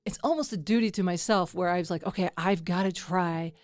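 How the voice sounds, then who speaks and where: A woman's voice: lowish voice, a little fast, dry recording. A woman hosting a casual chat, talking in a rambling way with many restarts. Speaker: podcast host. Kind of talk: casual conversation.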